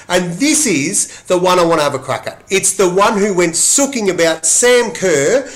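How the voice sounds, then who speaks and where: A man's voice: sits high, animated, normal speed, hardly any pauses, a bit bright. A man co-hosting a podcast, ranting bluntly with plenty of swearing in casual chat. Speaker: podcast co-host.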